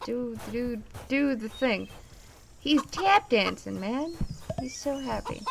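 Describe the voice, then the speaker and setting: Excitable high-voiced young woman gamer. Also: slow, creaky, slight background noise. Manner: excitable, swears, laughs, yelps at scares. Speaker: gaming YouTuber. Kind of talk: casual game commentary.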